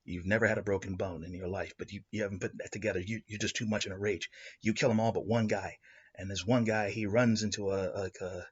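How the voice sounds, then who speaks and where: Podcast host, man, rambling story, low husky voice, dull lo-fi recording. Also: fast talker. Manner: excitable, rambling, with restarts and laughs. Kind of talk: improvised story narration.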